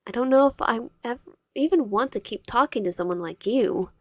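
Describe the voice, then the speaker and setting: A woman's voice: mid-range voice, normal speed, no room sound, clean studio sound, lightly acted. A woman voicing a frightened teenage protagonist who pushes back in a raised voice. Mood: alarmed. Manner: alarmed, raised voice.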